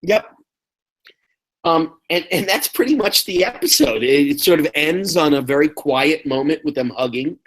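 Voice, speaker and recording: A podcast co-host in casual chat, sarcastic, whose pitch jumps high when mocking a character and who often chimes in with quick agreement. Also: lively intonation, poor audio. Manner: agreeing interjections.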